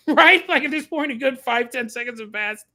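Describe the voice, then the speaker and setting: Guy hosting a livestream, bright forceful voice, animated storyteller who keeps laughing as he talks. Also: extremely high pitch, normal speed. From California. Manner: animated storyteller, acts out quoted people; laughs often mid-sentence. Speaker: podcast host. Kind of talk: casual livestream chat.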